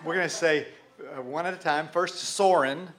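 A pastor with a Texan accent preaches to a live congregation in a church sanctuary. His voice is a little high, pushed and bright, fairly quick, and his style is folksy and conversational.

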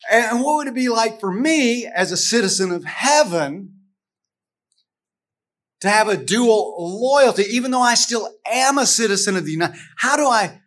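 High-voiced man teaching a Bible lesson. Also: expressive, normal speed, a bit bright. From United States. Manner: conversational, with frequent restarts and rhetorical questions. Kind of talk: casual Bible lesson to a group.

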